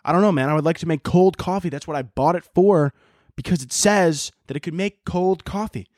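Young male podcast host, slightly high voice, dry close sound, profane rambling rants. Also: a little fast, darkish tone, no echo. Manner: profane, rambling, sarcastic, jumps between topics. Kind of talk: casual solo podcast rant.

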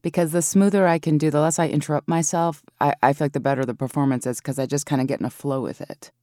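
A woman who narrates audiobooks, giving a thoughtful, explanatory interview with easy laughs. Her voice sits very low, and the sound is tight and dry, close to a studio mic. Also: fairly even intonation, fast talker, dark tone, dry recording. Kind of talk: interview conversation. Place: home recording booth. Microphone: studio microphone.

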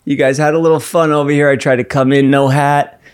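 A man's voice: fairly high pitch, little pitch movement, fast, clear, resonant tone, no room sound, studio quality. A man in his thirties co-hosting a podcast, chatting casually, swearing and sounding exasperated. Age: 30s. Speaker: podcast co-host.

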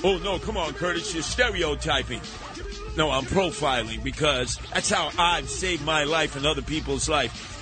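A man's voice: fairly high pitch, normal speed, music in the background. A man hosting a live talk radio show, mocking and combative, slipping into put-on voices.

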